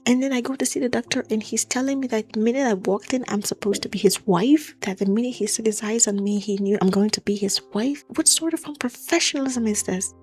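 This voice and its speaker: A woman's voice: fairly high pitch, fairly quick, hardly any pauses, a little mellow, slightly rough, soft background music. A woman voicing an indignant young woman who is outraged at an unprofessional clinic.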